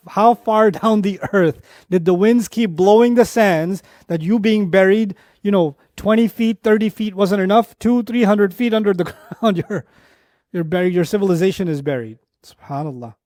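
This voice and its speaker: A man giving an Islamic lecture on Quran verses, telling an animated story, repeating phrases for emphasis and reciting Arabic verses quickly. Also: sits high, no echo, clean studio sound.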